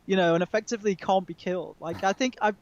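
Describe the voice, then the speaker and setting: A man's voice: high-pitched, quick pace, muffled recording. A British man, a magazine editor, chatting hesitantly with many ums as a call-in guest. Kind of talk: casual chat over a call. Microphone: remote call.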